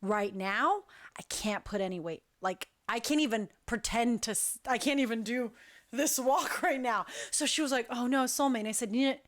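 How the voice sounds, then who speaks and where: A young woman hosting a talk show, telling a long story in a chatty, animated way and acting out what people said. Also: on the high side, normal speed. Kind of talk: casual storytelling.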